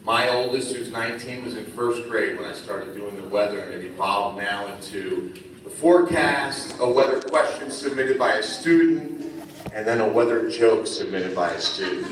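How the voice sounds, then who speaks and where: A middle-aged man from New Jersey giving a friendly, animated speech to students as a guest speaker at a school ceremony. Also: on the low side, normal speed, a little hiss or hum. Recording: echoey hall from far off, faint ambience.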